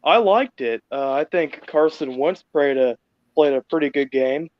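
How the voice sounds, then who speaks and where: A man's voice: fairly high pitch, a little slow. A man calling into a fan stream, talking hesitantly with many "uh"s. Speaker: caller. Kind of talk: casual chat. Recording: dull dry call audio.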